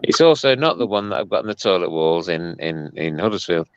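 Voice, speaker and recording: A man's voice: low voice, animated, brisk, clear, resonant tone, no echo. A young man co-hosting a casual late-night livestream, chatting with dry, crude jokes. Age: young adult. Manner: dry, crude jokey asides. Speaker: regular co-host. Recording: dull, dry lo-fi stream audio.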